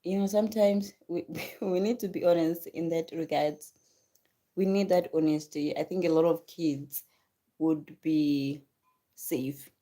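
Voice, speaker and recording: A woman hosts a casual live stream and chats to her viewers about motherhood. Her voice sits low and mellow. She stacks repeated words for emphasis and drops in quick thanks to commenters by name. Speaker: livestream host and mother.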